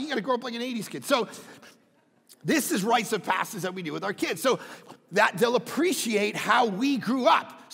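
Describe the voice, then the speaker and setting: A middle-aged man preaching a sermon as pastor, often breaking into shouts. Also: sits high, gravelly, long reverb tail.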